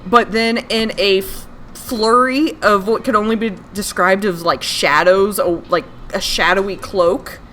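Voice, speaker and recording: A woman running a tabletop game as game master, narrating in halting bursts and laughing often. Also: mid-range voice, steady tone, sharp tone, slight background noise.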